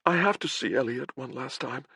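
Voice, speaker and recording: A man's voice: mid-range voice, normal speed, creaky, pushed and bright, slightly rough, no room sound, clean studio sound, pitched above the performer's own voice, exaggerated voice. Man putting on a frightened dying young woman. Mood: frightened pleading. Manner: whimpering, pleading.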